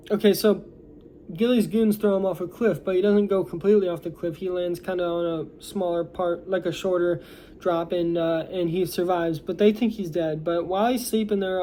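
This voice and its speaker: A man's voice: sits high, warm tone, a little hiss or hum. A young American man recapping a movie plot in a casual, rambling way, full of fillers and restarts. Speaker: movie reviewer.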